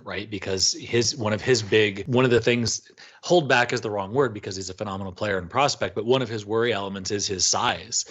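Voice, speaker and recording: Male podcast co-host, low husky voice, analytical chat with rhetorical tags. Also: a bit bright, highs cut off. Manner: analytical, asks rhetorical "right?". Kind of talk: casual chat.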